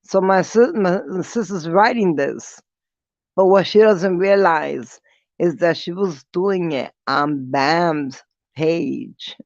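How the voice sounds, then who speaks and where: A vlogger telling a story in a casual, animated way, laughing often and swearing freely. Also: mid-range voice, slow, no echo. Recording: dull, slightly lo-fi dry audio.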